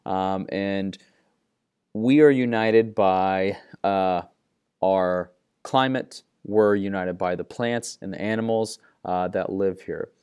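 A man's voice: sits low, takes it slowly, darkish tone, clear, resonant tone. A young man teaching a class in a friendly, loose, conversational way, with plenty of fillers. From Midwestern United States. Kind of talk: classroom lecture.

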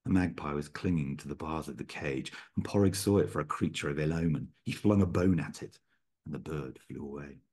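A man reading his own story aloud in a very deep voice with a husky, breathy grain. His storytelling delivery is measured and steady. The sound comes through a video call. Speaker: author reading own work.

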